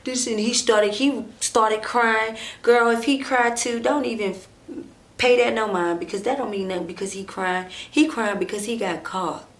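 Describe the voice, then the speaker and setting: A woman with a voice on the high side shares a personal story on her vlog, talking directly to viewers in casual storytime chat. She's animated, acts out dialogue, draws out fillers, says "like" and "and stuff" often, and goes to a hushed near-whisper when things get tense.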